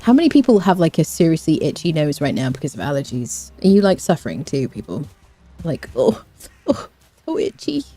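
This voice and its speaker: A woman gaming streamer chats casually as she plays, her voice lowish and mellow but swinging widely in pitch. She rambles, hums little tunes and answers her chat, with faint game music behind her. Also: very animated, brisk, husky. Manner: chatty, rambling, hums and scats to herself, reads chat. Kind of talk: casual live-stream chat while playing.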